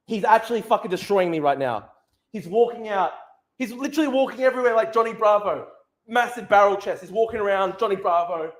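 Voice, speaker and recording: A man in his twenties with an Australian accent, ranting profanely and mock-despairingly as a show host from a small studio. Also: high voice. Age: 20s. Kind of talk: comedic rant.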